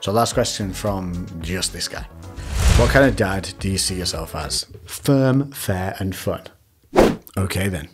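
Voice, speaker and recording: A man's voice: sits low, measured pace, over loud music. A young man, a fitness vlogger, answering viewer questions at home in an upbeat, chatty way. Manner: upbeat and chatty, laughs easily. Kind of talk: casual Q&A chat. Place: home, indoors.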